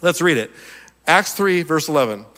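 This male preacher has a high voice that's going a little hoarse, as though he's losing it. He speaks at a normal speed, animated and chuckling between points, his sermon echoing with the long reverb of a large hall.

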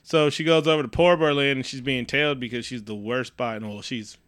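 Male podcast co-host for a casual film review, bright and forceful tone, dry close sound, profane and animated. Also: medium pitch, fairly quick, no echo. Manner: profane, animated, does mocking voices of characters. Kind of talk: casual movie review chat.

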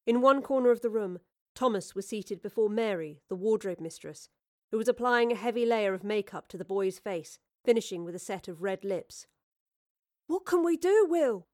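A woman narrating a storybook with a measured, expressive reading. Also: mid-range voice.

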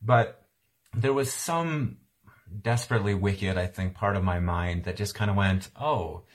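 In an unhurried, fairly low voice, a man around forty delivers a sermon as a pastor. He recounts a story from his childhood in a conversational manner, performing the voices of his mother and father.

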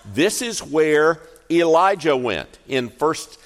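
A male pastor preaches a sermon in a lively, expressive way. His pitch rises and falls freely, and he takes his time on the key points. His voice rings through a large, reverberant church. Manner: expressive storyteller, slows for emphasis. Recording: echoey hall reverb.

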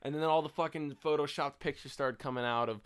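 A man's voice: on the high side, steady tone, brisk, fairly bright tone, smooth. A young man co-hosting a podcast, talking casually and profanely, often quoting characters in mocking voices. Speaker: podcast co-host. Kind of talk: casual chat.

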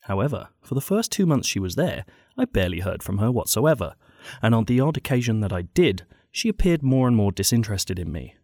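A man's voice: fairly low pitch, big pitch swings, brisk, hardly any pauses, darkish tone, breathy edge, dry recording. A man hosting a podcast, reading out listener stories with dry, mock-gloomy asides. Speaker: podcast host.

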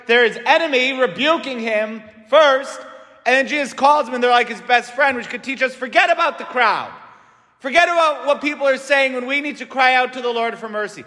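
This man's extremely high voice is pushed and bright, with lively intonation at a normal speed. Preaching a chatty homily, he keeps turning to the congregation with "right?" The recording carries a long church reverb.

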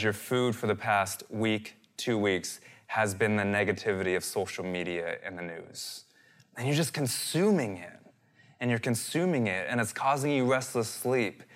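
Guy pastor in his 30s preaching, earnest, repeats himself a lot, mid-pitched voice. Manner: earnest, repeats phrases, animated when quoting. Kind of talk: sermon.

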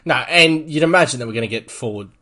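Sweary Australian guy with an animated voice. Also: medium pitch, crowd noise. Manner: sweary, quick to laugh. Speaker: podcast co-host. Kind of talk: casual banter.

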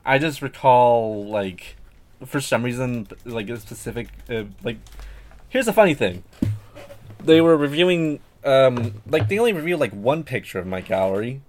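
A man's voice: medium pitch, lively intonation, moderate pace, darkish tone, slight background noise. A man talking casually as a podcast guest, rambling and hesitant with many fillers and restarts. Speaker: guest artist.

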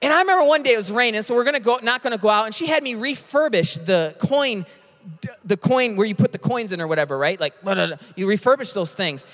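A man preaching a sermon in an emphatic, energetic and casual way. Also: high voice, quick pace. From United States. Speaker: pastor. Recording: long reverb of a large hall.

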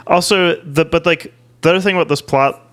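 A man's voice: a little high, steady tone, brisk, fairly bright tone. A man co-hosting a podcast in casual chat, dropping dry, jokey asides. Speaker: podcast co-host.

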